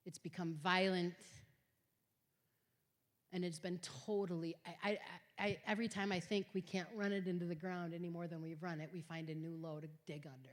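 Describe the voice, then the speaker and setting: A middle-aged woman giving an earnest Christian talk to high school students, telling stories emphatically and swinging from quiet to loud. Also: level tone, moderate pace. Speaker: guest speaker at a high school. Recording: long hall reverb.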